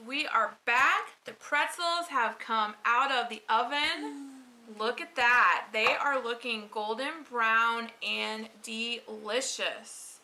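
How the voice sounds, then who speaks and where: A woman's voice: on the high side, slow pace, bright, forceful tone, a little hiss or hum. A woman hosting a home baking vlog in her kitchen, patiently giving step-by-step instructions and coaching a child. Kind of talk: casual baking demonstration.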